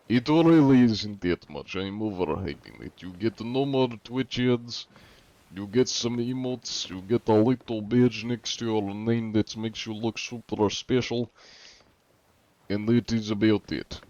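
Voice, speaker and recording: A man putting on a fake Russian accent to play a big sweaty Russian man, answering in deadpan broken English. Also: on the low side, dull audio, lightly acted. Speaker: streamer.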